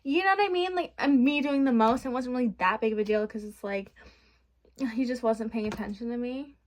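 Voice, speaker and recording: Young woman venting to her vlog from her bedroom, rambly, blunt, kinda high voice. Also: a little fast. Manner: rambling, frank, venting with profanity. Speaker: vlogger. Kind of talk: candid casual chat.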